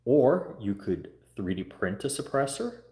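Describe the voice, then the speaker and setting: A man's voice: medium pitch, big pitch swings, a little slow, dark tone, roomy sound. A man hosting a casual livestream, earnestly coaching viewers on what to say when they phone their lawmakers. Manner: earnest, repetitive urging, coaching viewers through scripted phone calls. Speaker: livestream host. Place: home room.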